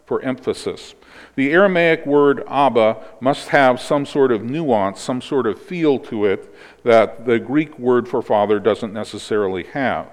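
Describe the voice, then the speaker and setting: A man preaching, calmly explaining scripture and closing in prayer. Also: mid-range voice, in a large hall. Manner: explanatory teaching, ends in prayer. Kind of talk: sermon.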